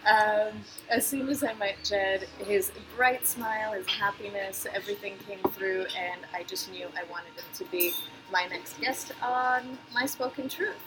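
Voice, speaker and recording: A woman's voice: medium pitch, fairly even intonation, unhurried, noisy background. A woman hosting a podcast interview in a cafe, enthusiastic and chatty, laughing between remarks. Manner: warm, enthusiastic, laughs often. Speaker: podcast host. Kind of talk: casual interview.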